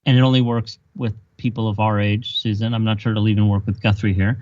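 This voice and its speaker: A man's voice: on the low side, level tone, a little fast, hardly any pauses, a little mellow, dry recording. Man firing rhetorical questions, dry dull sound. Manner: emphatic, builds points with rhetorical questions. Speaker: podcast guest. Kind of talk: explanatory conversation.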